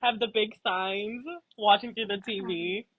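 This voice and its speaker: A woman who works at a salon, chatting casually on a podcast, excitable and full of fillers. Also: medium pitch, unhurried, phone-quality sound, slight background noise. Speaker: salon employee.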